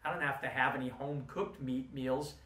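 A man voicing a relaxed male student who shrugs off giving up meat, in a casual, offhand tone, recorded in a roomy space from a distance. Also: medium pitch, brisk, close to an everyday voice. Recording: roomy room, distant mic.

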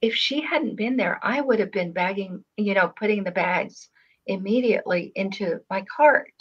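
A woman's voice: mid-range voice, moderate pace, husky, dull audio. An older woman in casual conversation, telling stories with hesitant restarts and fillers. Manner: rambling, hesitant storyteller. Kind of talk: casual chat.

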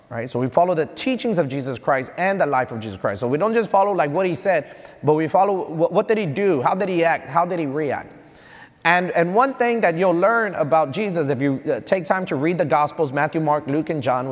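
A man with a Texan accent preaching a sermon as pastor, animated, with emphatic rising peaks. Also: fairly high pitch. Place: church hall. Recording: long church reverb.

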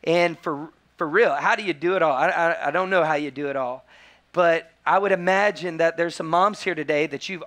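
A man, preaching a sermon as a pastor and telling stories with lively quoted voices. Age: 40s. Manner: animated storytelling, acting out quotes in high voices.

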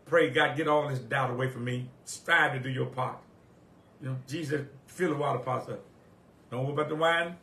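A male preacher, delivering a sermon. He repeats his phrases and quotes scripture in old wording, swinging from quiet reflection to loud, rising exhortation. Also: medium pitch, fairly even intonation, normal speed, vocal fry. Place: church sanctuary. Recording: echoey church room.

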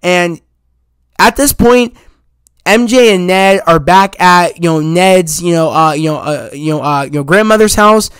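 A man with a high, smooth, clear voice gushes through a rambling film review, stacking "you know" fillers as he goes. He is recorded close on a dry mic, and he gets loud and high whenever he is thrilled. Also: unhurried, no room sound. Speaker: movie reviewer. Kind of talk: excited casual spoiler review.

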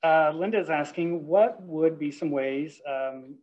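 A man hosting a workshop Q&A over a video call, polite and filling pauses with um and uh. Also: a little high, highs cut off. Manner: polite, with frequent um and uh fillers. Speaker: workshop host.

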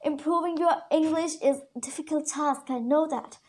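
A woman teaching English vocabulary in a chatty online lesson, repeating key words slowly for learners; her first language is Urdu. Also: high voice, fairly even intonation, a little mellow.

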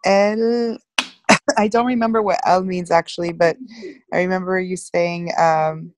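A woman student reading aloud hesitantly in a lesson, apologetic and full of pauses. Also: lowish voice, steady tone, background noise.

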